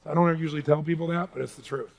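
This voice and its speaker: A man's voice: a little high, fairly even intonation, very fast, creaky, low-quality recording. A man giving a live seminar speech as a motivational speaker, emphatic and rallying the crowd with call-and-response questions. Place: large seminar hall.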